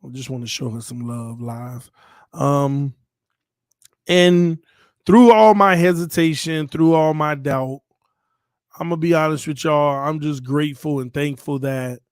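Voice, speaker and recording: A man's voice: a little high, smooth, dry recording, clean studio sound. A man in his thirties hosting a casual live stream, talking in a heartfelt, playful way. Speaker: channel host.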